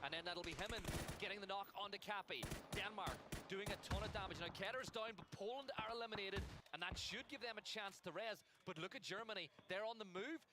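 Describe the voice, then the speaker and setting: A man calling a team shooter match as play-by-play commentary, building excitement on big plays. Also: sits high, brisk, very noisy. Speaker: esports caster. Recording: loud gunfire from game feed.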